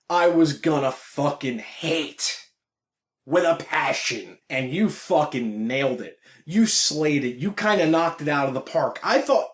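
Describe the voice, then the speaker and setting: Guy ranting about a movie, cussing a lot, kinda high voice, echoey room. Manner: profane, blunt, enthusiastic. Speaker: vlogger reviewing a film. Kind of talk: casual opinionated review.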